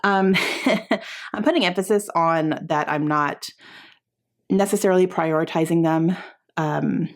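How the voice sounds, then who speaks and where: A woman vlogger chatting casually to camera about books, often laughing and filling pauses with "um". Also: deep voice. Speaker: book vlogger.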